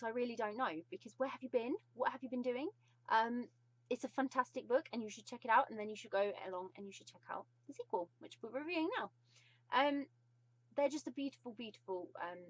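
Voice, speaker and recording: An effusive British woman talks through a casual book review in a fairly low voice, full of pauses as she gushes. The sound is dull and lo-fi, like a simple home recording. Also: breathy edge. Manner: gushing and effusive, with frequent pauses.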